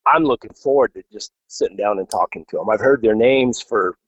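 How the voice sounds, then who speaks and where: A man talking as a podcast guest in a casual, halting way, often repeating words as he starts. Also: lowish voice, husky, no echo, muffled recording. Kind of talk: casual chat.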